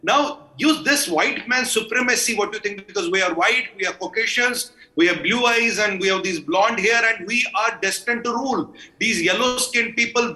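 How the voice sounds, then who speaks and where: Combative man, bright forceful voice. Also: high voice, poor audio. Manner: combative, sarcastic, emphatic. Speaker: panel guest. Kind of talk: heated news debate.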